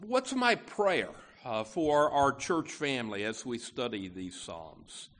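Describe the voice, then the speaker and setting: A man's voice: medium pitch, big pitch swings, takes it slowly, a bit bright. A man preaching a sermon to his church, earnest and emphatic, often restarting phrases as he goes. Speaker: pastor.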